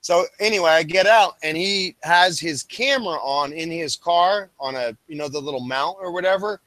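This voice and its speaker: A man with a bright, forceful voice pitched a little high chats casually as a stream host. He rambles through a story with many fillers and restarts. The sound is dry and close. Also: normal speed, no echo.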